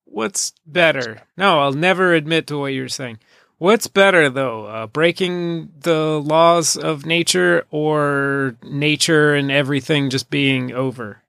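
A man's voice: a little high, slow, gravelly, fairly bright tone, clean tone, dry recording, studio quality. A man co-hosting a podcast, chatting casually and arguing his points with easy laughter. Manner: casual, argumentative, laughs easily. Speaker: podcast co-host. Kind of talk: casual chat.

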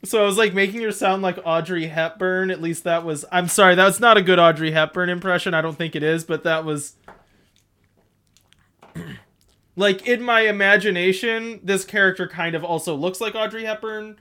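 Casual podcast host, rambling, filler-heavy, laughs often, mid-range pitch. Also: normal speed, bright, forceful tone, clean tone.

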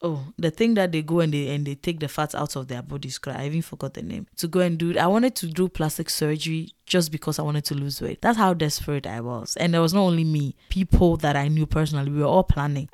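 A young woman telling a casual story to camera, animated and chatty, acting out her own thoughts with sighing exclamations. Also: low voice, a little fast, no echo, studio quality. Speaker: vlogger.

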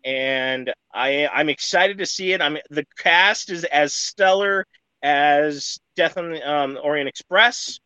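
A man co-hosting a casual podcast, loud and brash, swearing freely. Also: on the high side, takes it slowly, smooth, no room sound, poor audio. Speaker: podcast co-host. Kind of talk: casual chat.

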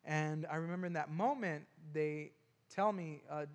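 A man telling a personal story earnestly, haltingly, with frequent restarts and repeated words. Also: a little high, in a large hall.

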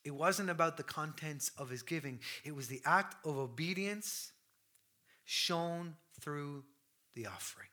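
A man in his thirties preaching a sermon with passion, swinging from loud declarations to hushed near-whispers. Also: a little high, unhurried.

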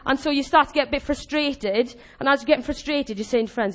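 A woman with a high, bright voice delivers a sermon in a lively, conversational way. She laughs often and slips into little acted voices for the people in her stories. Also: quick pace, few pauses. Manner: animated, chatty, laughs often and acts out quoted voices. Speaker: preacher.

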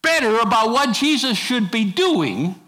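A man's voice: very high voice, sing-song, unhurried, bright, forceful tone. A middle-aged male pastor preaching a sermon in a folksy, conversational way, with casual asides to the congregation.

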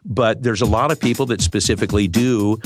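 A man's voice: fairly low pitch, fairly quick, music in the background. A man who works as a voice actor, chatting casually as an interview guest, joking and rambling with many fillers.

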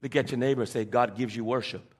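A man's voice: mid-range voice, steady tone, quick pace, husky. A man preaching a sermon, calling on the congregation to repeat lines and restarting his phrases as he builds a point. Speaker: pastor.

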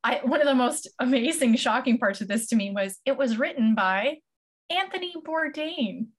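Podcast co-host, woman, casual and lively storyteller, voice a bit on the high side. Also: moderate pace. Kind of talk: casual chat.

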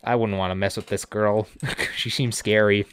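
Low smooth male podcast recapper. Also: fairly even intonation. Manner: recaps with quick put-on quotes. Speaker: podcast co-host recapping episodes. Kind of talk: casual chat.

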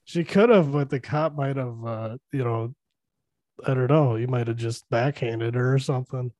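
A man's voice: mid-range voice, normal speed, a little mellow, no room sound. A man co-hosting a podcast, breaking down a movie in loose, profane chat and laughing often. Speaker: podcast co-host.

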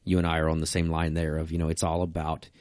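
A man's voice: very deep voice, monotone, quick pace, darkish tone, dry recording. A man co-hosting a casual church talk, reading scripture and book quotes aloud. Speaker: co-host. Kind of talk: casual church podcast chat.

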